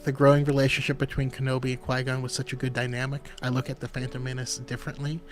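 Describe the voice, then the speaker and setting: A man co-hosting a casual podcast, easygoing and quick to laugh, reading out viewer comments. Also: medium pitch, monotone. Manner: easygoing, laughs often, reads chat comments. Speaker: podcast co-host. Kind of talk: casual chat.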